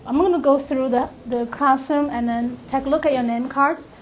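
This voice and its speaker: In a classroom lesson, a language teacher whose voice sits high keeps a steady tone and normal speed. She illustrates each tone by drawing out vowels and singing them. Clear noise runs through the lo-fi recording.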